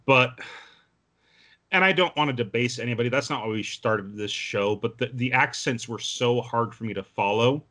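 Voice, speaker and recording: A man co-hosting a podcast in relaxed casual chat, steering the talk along. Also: medium pitch, normal speed. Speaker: podcast co-host.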